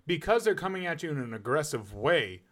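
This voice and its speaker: A man co-hosting a casual podcast talks with lively swings in pitch. He argues his point patiently and at length, and he pushes back when the others disagree. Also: brisk. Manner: argumentative, explains at length. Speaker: podcast co-host. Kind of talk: casual chat.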